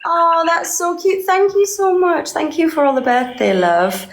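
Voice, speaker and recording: A woman's voice: very high-pitched, unhurried, slight background noise. A woman in her thirties, a singer being interviewed, chatting casually with a bubbly, giggly manner. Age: 30s. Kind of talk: casual live-stream chat. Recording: echoey room.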